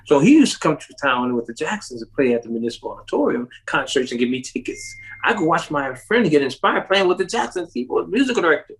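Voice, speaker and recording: A man's voice: sing-song, fast, few pauses, breathy edge, poor audio. A man telling a long story as an interview guest, laughing often and acting out the voices of the people in it. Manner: acts out quoted voices with sharp rises in pitch, laughs often. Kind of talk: animated storytelling.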